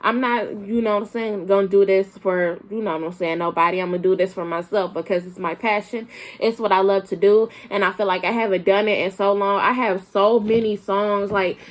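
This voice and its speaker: A young adult woman vlogger chats casually to camera in a brisk, mid-range voice with fairly even intonation. Originally from Flint, Michigan but raised in Arkansas, she has a slight Southern country accent and rambles with lots of fillers and restarts.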